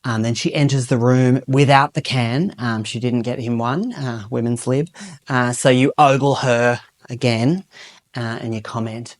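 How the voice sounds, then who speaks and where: A man's voice: medium pitch, fairly even intonation, measured pace, natural voice. A man playing a pompous drama teacher. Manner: pompous, theatrical, lots of ums. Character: pompous self-important male drama teacher. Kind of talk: comic podcast monologue.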